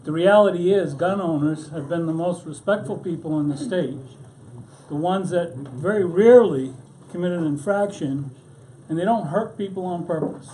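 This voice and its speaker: A man's voice: on the high side, normal speed, dark tone, low-quality recording. A middle-aged man, a legislator testifying at a hearing in a sardonic, argumentative tone.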